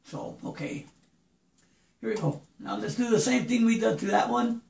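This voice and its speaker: A music producer from New Mexico gives a casual home-studio tutorial on stacking and mixing vocals, speaking at normal speed in a hoarse, gravelly, fairly high voice that's a little mellow. He's chatty and loose, repeatedly calling the listener "brother," and the room sounds echoey.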